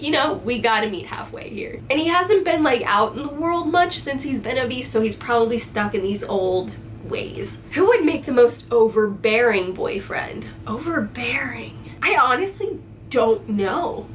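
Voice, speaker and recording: A young adult woman chatting casually in a vlog, bubbly and giggly with lively jumps in pitch. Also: slight background noise. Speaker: vlogger.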